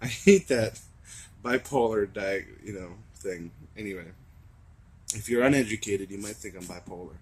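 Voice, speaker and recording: A young man with a raspy voice, talking earnestly and rambling to camera in a confessional vlog. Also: fairly low pitch, normal speed. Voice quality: raspy from screaming. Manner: earnest, rambling, swings from shouting to laughing to soft musing. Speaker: vlogger.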